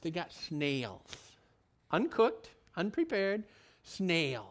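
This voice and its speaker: A male pastor delivers a conversational sermon in a folksy, rambling manner, often restarting sentences and drifting into asides. His high-pitched voice swings hugely in pitch and draws words out.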